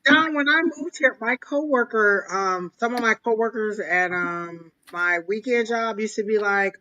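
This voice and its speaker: A woman, a tarot reader and co-host, giving a reading on a live stream in a measured, thoughtful way with frequent pauses. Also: mid-range voice, bright, forceful tone, lo-fi sound.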